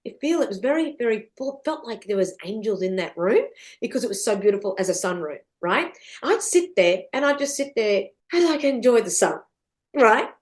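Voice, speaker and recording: A middle-aged woman, a podcast guest telling stories in an animated, chatty way, swearing freely and laughing often. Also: normal speed. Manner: swears freely, laughs often, big swings in pitch and loudness. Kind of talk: animated storytelling chat.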